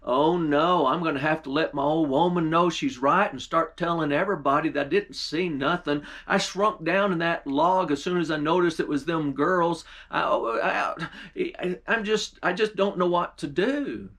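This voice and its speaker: A man's voice: a little high, moderate pace, hardly any pauses, fairly bright tone. A man doing a fretful old farmer. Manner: fretful, stammering, rambling. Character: worried old male farmer, fretful and rambling.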